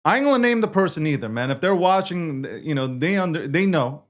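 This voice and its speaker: A man hosting his own show, talking casually in a loud, rambling, profane way with frequent restarts. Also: fairly high pitch, lively intonation, brisk. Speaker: host. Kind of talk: casual livestream talk.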